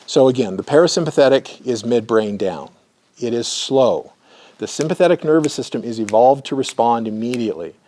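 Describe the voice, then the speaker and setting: In a dark-toned, mid-range voice, a male therapist lectures his class and shows them slow breathing. He keeps checking in with listeners by asking "right?".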